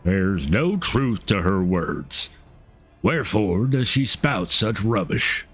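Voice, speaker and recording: A hulking accused man who talks slow and deep, as a man puts him on in a video game. Each word is stretched out and pitched down in his chest. Faint music plays underneath. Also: big pitch swings, fairly bright tone, breathy edge, full character voice. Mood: defensive. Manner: low, slow, drawn-out delivery. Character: large accused man, calm then sneering villain.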